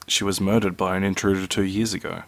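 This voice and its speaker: A man with a fairly low voice reads short horror stories one after another. He takes them slowly and evenly. The sound is dry and close, with no room around it. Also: little pitch movement, a bit bright, no echo. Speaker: narrator. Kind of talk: reading scary two-sentence stories.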